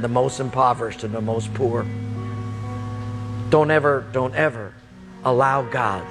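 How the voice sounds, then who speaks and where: Animated storytelling male pastor. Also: mid-range voice. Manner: animated, raises voice sharply for quoted speech. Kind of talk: sermon with personal storytelling.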